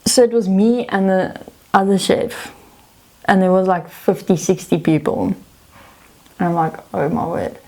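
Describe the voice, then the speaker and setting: A woman's voice: mid-range voice, unhurried, long pauses. Young woman venting about a bad job. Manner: animated, frustrated retelling of a bad job. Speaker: vlogger. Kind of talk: casual storytelling.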